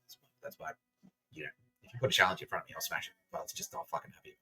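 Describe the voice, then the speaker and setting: Male podcast host, bright edgy tone, profane sarcastic rant with laughs. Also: low voice, big pitch swings, very fast, vocal fry, rough recording. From Australia. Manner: profane, sarcastic, laughs through his words. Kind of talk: casual ranting monologue.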